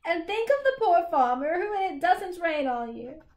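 A woman's voice: extremely high pitch, sing-song, normal speed, darkish tone, reverberant, voice pushed up. A woman voicing a cheerful little boy who is precise and matter-of-fact, explaining things patiently, in a storybook reading.

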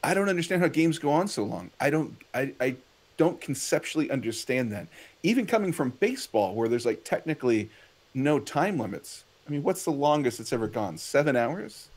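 A man hosting a casual chat, asking questions in an animated way. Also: medium pitch, fairly quick. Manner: animated, questioning, laughs often. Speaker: host.

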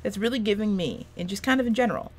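This twenties-aged gaming YouTuber talks at a racing clip in a medium pitch, with faint music behind her. She rambles through casual let's-play commentary from a small room where a fan runs, swearing often and putting herself down.

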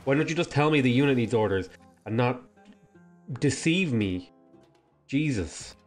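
A man's voice: medium pitch, animated, measured pace, soft background music. Man thinking aloud over gameplay. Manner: thinking aloud, talking to game units. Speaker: let's play host. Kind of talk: casual gameplay commentary.

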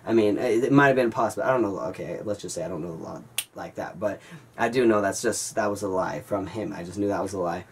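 A young man vlogging, telling a story to his viewers in an animated way and calling them guys. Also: fairly low pitch, fast, distant mic, slight background noise. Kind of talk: storytelling vlog.

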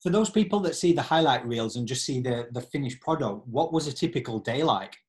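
Interviewer, mid-pitched voice, soft and encouraging, conversational questions. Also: animated, a little fast.

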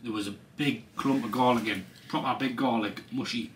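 A man's voice: medium pitch, steady tone, a little fast. A man in his twenties with a Geordie accent, chatting casually and enthusiastically alongside his partner, often saying "aye". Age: 20s. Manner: enthusiastic, drops in "aye" a lot. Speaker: vlogger's partner. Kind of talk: casual chat.

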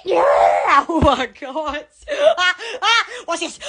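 A woman's voice: very high-pitched, very animated, a little slow, few pauses, fairly bright tone. A woman hosting a live stream, rambling in silly fits of giggles and squealing exclamations into her phone.

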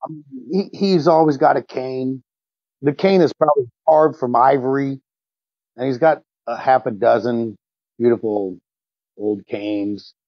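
A man's voice: mid-range voice, measured pace, dry recording. A man playing a tabletop game, describing his hero's actions in a blunt, casual way. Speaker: player. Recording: slightly muffled lo-fi audio.

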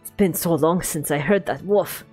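A woman's voice: deep voice, moderate pace, darkish tone, breathy edge, soft background music. A woman voicing a cheerful teenage boy who dotes on his sick dog, in a put-on Russian accent. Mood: doting. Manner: affectionate, exclamatory.

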